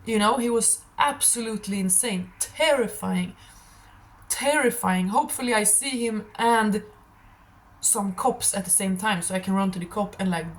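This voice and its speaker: Hoarse woman giving a tarot reading. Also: medium pitch, normal speed, poor audio. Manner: rambling, emphatic, repeats affirmations. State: hoarse, tired throat. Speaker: tarot reader.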